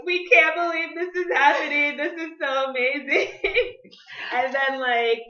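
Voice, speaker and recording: A woman's voice: medium pitch, bright, forceful tone. A young woman co-hosting a casual podcast, slangy and giggly, chiming in with lots of agreement. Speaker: podcast co-host. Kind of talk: casual chat. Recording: echoey room, slightly dull sound.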